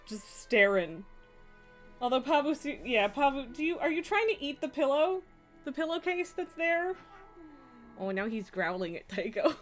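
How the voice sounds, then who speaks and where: A woman's voice: high-pitched, a bit bright. A woman live streamer chatting casually from her home streaming room, laughing often, swearing and scolding her cats.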